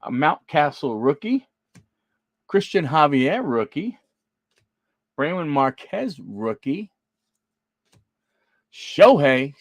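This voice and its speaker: A man's voice: fairly high pitch, sing-song, takes it slowly, pauses often, no room sound. A man hosting a live card-opening stream, chatting with viewers by name and reading off player names as he flips through cards. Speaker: card break host.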